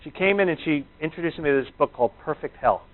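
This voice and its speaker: A man's voice: on the high side, expressive, fast. Man telling stories over a tinny line. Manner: rambling, conversational storytelling. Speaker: chiropractor giving a workshop talk. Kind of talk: anecdotal talk to a live audience. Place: talk before a live audience. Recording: tinny, phone-like narrow sound.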